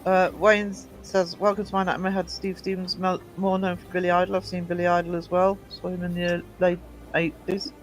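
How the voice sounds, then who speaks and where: A man's voice: high voice, level tone, a little fast, slight background noise. A man from England hosting a livestream, chatting casually and reading out viewer comments with a self-deprecating, laughing manner. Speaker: livestream host.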